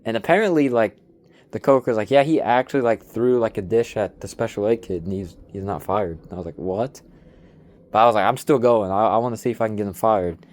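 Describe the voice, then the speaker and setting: Young male vlogger, slightly low voice, loose slangy storytelling rant. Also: fast, darkish tone, no echo. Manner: slangy, rambling, frequent "like" and "dude".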